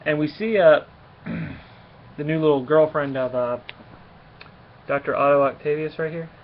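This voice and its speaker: A man's voice: a little high, a little slow. A man casually reviewing a comic book, rambling along with lots of fillers and restarts. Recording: dull lo-fi recording with faint hiss.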